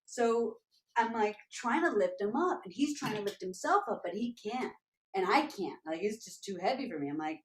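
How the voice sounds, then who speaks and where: Animated woman telling a story, roomy. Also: medium pitch, normal speed. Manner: animated, laughs often, acts out quotes. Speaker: guest tap dancer. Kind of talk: casual storytelling. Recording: roomy echo.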